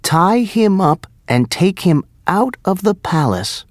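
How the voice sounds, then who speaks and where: Figure: a reader doing a young hero in a storybook. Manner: urgent orders, raised voice, lively over a dry, close sound. Style: storybook for English learners. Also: medium pitch, slow pace, no room sound, voice pushed up. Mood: commanding. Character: young male hero, quick and commanding.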